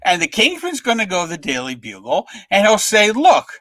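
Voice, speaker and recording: Older male guest, lively anecdote teller, high bright voice with big swings, dry close mic. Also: a little fast, dry recording. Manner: lively storyteller, acts out voices in quotes. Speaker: comics writer, guest. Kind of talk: animated anecdote telling.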